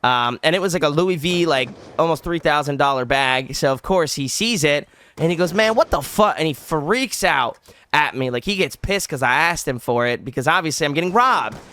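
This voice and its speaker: A young man tells a story straight to his audience, his voice bright and crisp. He rambles and restarts, packing in "like" as he talks in a loose, animated way. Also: fairly high pitch, normal speed. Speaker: vlogger. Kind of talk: casual storytelling.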